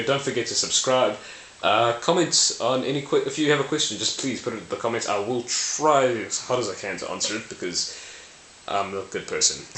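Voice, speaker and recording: On a camera mic in a roomy space with faint hiss, a man explains language ideas to camera in a mid-range, fairly bright voice. He hosts the language video casually and playfully, correcting himself often and laughing at his own slips.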